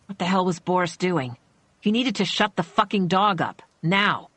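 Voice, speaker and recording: A woman with a lowish voice narrating a suspense audiobook, measured and tense. The recording is close and completely dry. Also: expressive, a bit bright, no room sound. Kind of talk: scripted thriller narration.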